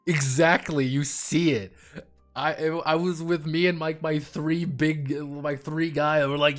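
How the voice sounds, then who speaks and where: A man's voice: a little high, measured pace, faint music behind. A man streaming and chatting casually about games, rambling and swearing freely. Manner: rambling, profane, animated. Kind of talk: casual livestream chat.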